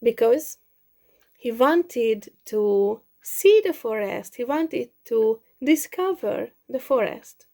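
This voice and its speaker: Slow expressive woman storyteller. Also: on the high side. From Hungary. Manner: slow, expressive, with many repetitions. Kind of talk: simple story read slowly for English learners.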